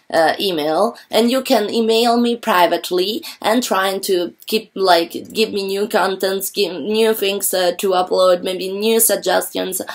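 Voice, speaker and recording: A woman from Italy with an Italian accent, a channel host addressing viewers casually in English, rambling and chatty, her voice a bit rough. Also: fairly low pitch. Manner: chatty, rambling, with frequent fillers.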